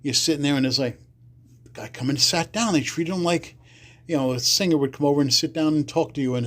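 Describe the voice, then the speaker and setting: A man's voice: a little high, fairly quick. A man from the Bronx, a podcast guest telling rambling stories and acting out the people he quotes. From the Bronx, New York. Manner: rambling, acts out quoted people in livelier voices. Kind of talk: casual storytelling interview.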